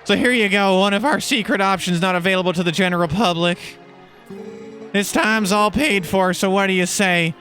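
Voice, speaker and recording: A jolly cannon-ride operator with a put-on British accent booms out his pitch like a fairground showman, as a man puts him on. The voice sits higher and louder than a normal speaking voice. Game music plays clearly behind. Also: moderate pace. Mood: hearty. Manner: hearty, showman-like.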